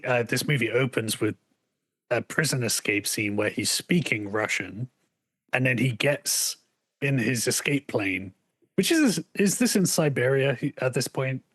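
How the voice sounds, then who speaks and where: A man's voice: mid-range voice, animated, measured pace, a bit bright, no room sound. A man co-hosting a podcast in casual chat, laughing often and acting out quotes. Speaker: podcast co-host.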